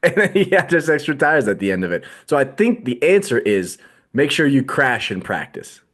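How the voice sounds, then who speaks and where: A man's voice: mid-range voice, sing-song, normal speed, a bit bright. A man co-hosting a podcast, chatting casually and joking with frequent laughs. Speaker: podcast co-host. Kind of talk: casual chat.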